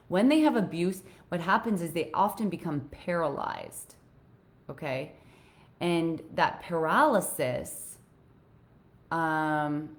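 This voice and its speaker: Earnest woman coach, lowish voice. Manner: earnest, grows animated while retelling. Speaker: life coach. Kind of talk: casual live video talk.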